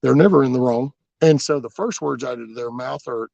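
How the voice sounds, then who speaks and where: A man with a drawl talks through a casual livestream in a gravelly voice with a rough edge, telling loose, folksy stories and answering viewers. His sound is close and dry, with no room around it. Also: mid-range voice, brisk, darkish tone, no room sound, highs cut off. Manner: rambling, folksy storytelling with mild cursing. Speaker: livestream host.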